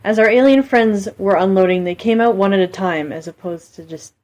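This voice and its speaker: A woman reading a bad book aloud for laughs in a flat voice, with bored, dismissive asides. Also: medium pitch, brisk, highs cut off.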